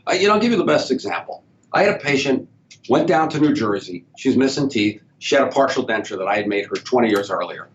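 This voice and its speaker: Male dentist guest, storytelling, mid pitch, dull audio, low rumble. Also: big pitch swings, quick pace. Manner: storytelling, acts out patient dialogue. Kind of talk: casual podcast interview. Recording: slightly dull sound with faint rumble.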